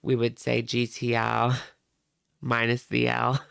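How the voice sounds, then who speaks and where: A man's voice: mid-range voice, monotone, slow pace, vocal fry, fairly bright tone, clean tone, no echo, clean studio sound. A man hosting a reaction livestream, chatting casually with viewers in a rambling way.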